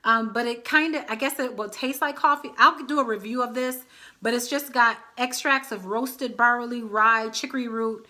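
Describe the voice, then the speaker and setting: Bright-voiced chatty woman vlogger. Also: fairly high pitch, normal speed. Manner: chatty, addresses viewers as y'all. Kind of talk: casual chat to camera.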